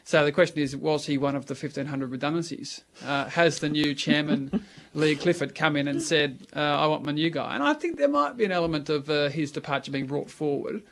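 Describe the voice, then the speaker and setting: A man's voice: a little high, brisk, vocal fry, a bit bright. A man giving finance commentary in casual radio chat, chatty and rambling with fillers.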